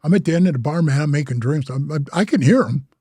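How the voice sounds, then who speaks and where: Older guy, storyteller type, keeps saying bro, kinda high voice, dry close mic. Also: fast talker, breathy edge, dry recording. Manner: animated storyteller, acts out other voices, says bro a lot. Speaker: interview guest, former biker club president. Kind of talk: casual storytelling.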